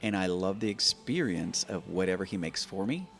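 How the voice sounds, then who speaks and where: A man in his fifties with a low, deep voice tells stories on a podcast. He talks in an animated, rambling way, stacking up repeated words as he gathers his thoughts. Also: normal speed, creaky, faint music behind. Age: 50s. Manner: animated, repeats words and restarts while thinking. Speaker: podcast guest. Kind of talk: conversational storytelling. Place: open-air bike and coffee shop in a garage.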